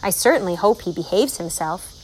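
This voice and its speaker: A woman's voice: lowish voice, expressive, fairly quick, a little mellow, breathy edge, poor audio. A woman voicing a fussy, worried housewife and mother in a storybook reading, prim and exasperated.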